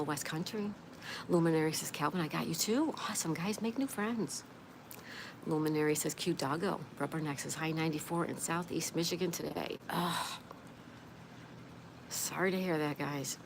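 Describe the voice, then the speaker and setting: Her voice is low and gravelly as she hosts a laid-back livestream chat, working through viewer comments one by one and giving each a friendly, chatty reply. A steady background noise sits underneath her voice.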